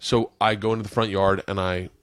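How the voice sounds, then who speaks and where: A man in his forties hosting a podcast, telling rambling stories in casual chat, loud and quick to laugh. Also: low-pitched, level tone, clear, resonant tone, dry recording. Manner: loud, rambling storyteller who breaks into squealing laughs. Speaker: podcast host. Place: home studio.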